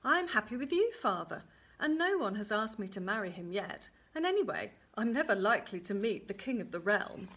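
A gentle young weaver's daughter from a fairy tale, as a woman reads her, anxious and plaintive. Her lines rise a little higher than the storyteller's usual voice. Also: sing-song, fairly quick, husky.

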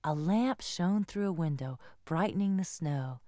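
A woman reading a children's story aloud in an expressive, sing-song way. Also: lowish voice, measured pace, no echo, studio quality. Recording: guitar music behind.

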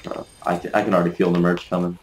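A man giving live gameplay commentary as a gaming video creator, excitable, cursing mildly and trash-talking his opponents. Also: deep voice, racing, a little hiss or hum. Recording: roomy echo.

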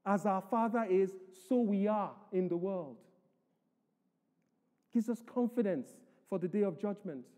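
A male pastor preaches with emphasis, his voice high-pitched yet mellow and dark in tone. He reads scripture aloud and presses each point home. The sound carries the long echo of a church hall. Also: unhurried. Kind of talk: sermon.

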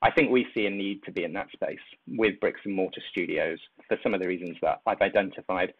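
A man, an industry executive, giving a measured, explanatory interview answer and weighing options aloud over remote call audio. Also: low-pitched, vocal fry, husky, no room sound. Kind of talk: interview answer on business strategy. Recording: tinny phone-like line, dry.

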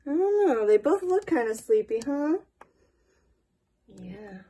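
A woman leading young children through yoga stretches and songs, gentle and encouraging, praising them often. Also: high voice, big pitch swings, slow. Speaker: children's storytime yoga instructor.

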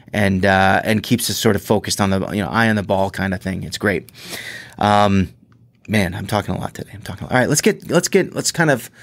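Male podcast host, low voice, dry close sound; rambling, excitable solo talk. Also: no echo. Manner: rambling, many restarts, excitable. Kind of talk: casual solo podcast monologue.

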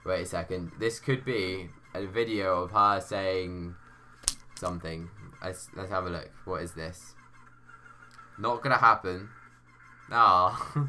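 A man's voice: low-pitched, measured pace, sharp tone. A young man chatting casually on a gaming live stream, reading viewer messages aloud and answering them.

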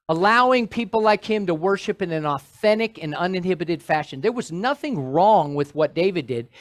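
A male pastor preaching a sermon in an animated way, with joking asides to his congregation. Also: high voice.

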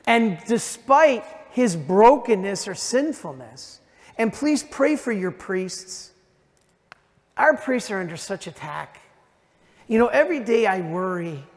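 A priest preaching with emphatic weight, his voice high for a man and delivered at an unhurried pace. The sound carries the long reverb of a big church hall. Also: very animated. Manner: emphatic preaching, slows down for key lines. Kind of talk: sermon at a parish retreat. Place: large church.

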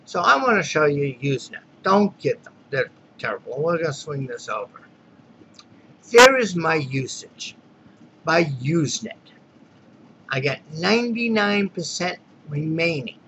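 A man's voice: a little high, animated, a little slow, sharp tone. Irritated man ranting in a tense voice. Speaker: dissatisfied customer. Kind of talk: ranting complaint video. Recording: dull lo-fi recording with faint noise.

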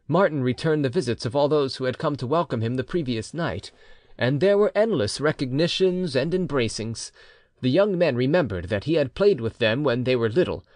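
A man narrating a classic novel as an audiobook reader, with expressive storytelling delivery. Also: mid-range voice, no echo, studio quality. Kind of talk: scripted narration.

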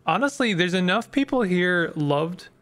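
A man's voice: high-pitched, animated, unhurried, fairly bright tone, faint music behind. A man hosting a let's play, giving casual game commentary in a rambling way and stumbling over odd names.

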